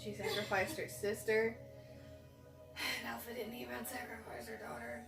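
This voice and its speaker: A woman's voice: a little high, very animated, moderate pace, gravelly, loud music behind the voice. A woman hosting a reaction video, reacting emotionally to a TV episode, swearing freely and talking back to the screen.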